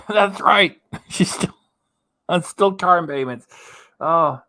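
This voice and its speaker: A man's voice: high-pitched, slow, pushed and bright. A man casually commenting as host of a reaction channel, chatty and rambling, laughing often as he talks.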